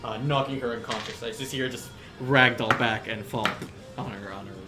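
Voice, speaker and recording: A man's voice: medium pitch, fairly quick, over loud music. A young man running a tabletop game as game master, laid-back with many fillers and laughs. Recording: echoey room with faint noise.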